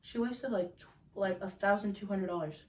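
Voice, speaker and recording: A 21-year-old woman hosting a casual podcast, telling stories in an animated way and swearing freely. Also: mid-range voice, moderate pace, slight background noise. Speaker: podcast host.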